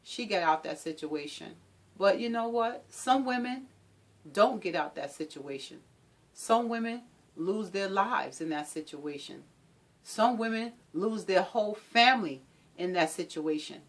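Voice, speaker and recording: Impassioned woman with a lively voice. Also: mid-range voice, a little slow. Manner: emphatic, repetitive preaching rhythm. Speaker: domestic violence advocate. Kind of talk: impassioned talk.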